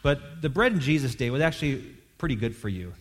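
A man delivers a sermon in a loose, conversational style, restarting phrases and acting out the quotes. His voice sits at an ordinary pitch, and a long reverb trails behind it as if he speaks in a large sanctuary. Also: lively intonation, quick pace. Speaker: pastor.

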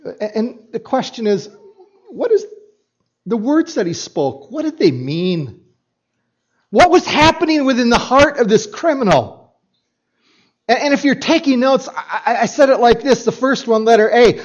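Animated preaching man, dull lo-fi sound. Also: extremely high pitch, measured pace, long pauses. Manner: animated preaching with emphatic repeats and asides to the congregation. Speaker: pastor. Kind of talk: sermon. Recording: dull lo-fi recording.

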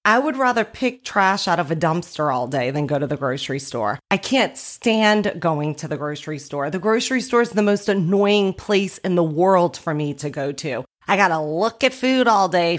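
A woman telling a story in a casual monologue, loud and animated, often laughing as she talks. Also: on the low side.

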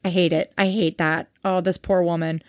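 A woman's voice: lowish voice, moderate pace. A woman co-hosting a podcast, recapping a TV episode in casual chat, exasperated and swearing often. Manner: exasperated, swears a lot, animated. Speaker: podcast co-host.

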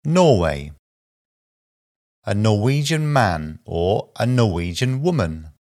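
Reading out a vocabulary list, a male language teacher pronounces single words and short sentences slowly and deliberately. His lowish, darkish voice swings widely in pitch.

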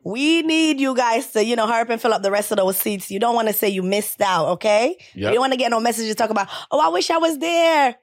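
A woman co-hosting a podcast in casual chat, playful and sassy, quick to laugh. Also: fairly high pitch. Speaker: podcast co-host.

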